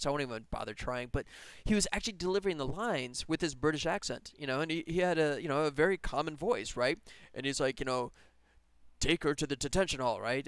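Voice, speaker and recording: Streamer guy, slightly high, smooth voice, close dry mic, rambling and enthusiastic. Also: fairly bright tone, dry recording. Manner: rambling, enthusiastic, laughs often. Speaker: game developer streamer. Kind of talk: casual live stream chat.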